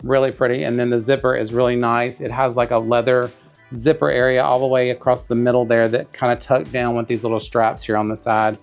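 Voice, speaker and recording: A man talks through an unboxing in a chatty, gushing way, calling his viewers y'all. His mid-pitched voice has a gravelly fry to it. Soft music plays faintly underneath. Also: little pitch movement, brisk. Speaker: bag reviewer. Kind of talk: casual unboxing vlog.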